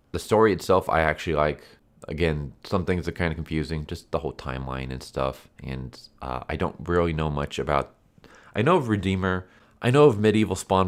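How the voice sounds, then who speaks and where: A man with an extremely deep voice, audibly congested from a sore throat. He talks through a casual comic book review in a rambling, easygoing way.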